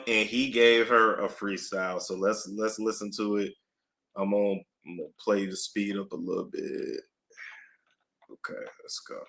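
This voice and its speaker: Male streamer, New York accent, gossip commentator, lively, drawling. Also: mid-range voice. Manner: animated, drawn-out, repetitive. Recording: echoey room.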